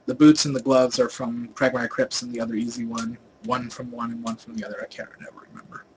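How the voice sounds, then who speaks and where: A young man narrates a game guide in a loose, rambling way, filling gaps with ums and restarting his sentences. His voice sits at an ordinary mid pitch and swings between louder and quieter stretches. Faint game ambience hums underneath. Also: flat delivery, fast talker, slight background noise, low-quality recording. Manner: rambling, many fillers and restarts; volume rises and falls a lot. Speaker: gaming video host. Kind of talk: casual game guide voice-over.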